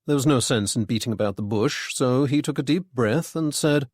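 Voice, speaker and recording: A man reading a mystery story aloud as narrator, in a measured, even manner. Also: medium pitch, breathy edge, dry recording, clean studio sound. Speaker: audiobook narrator.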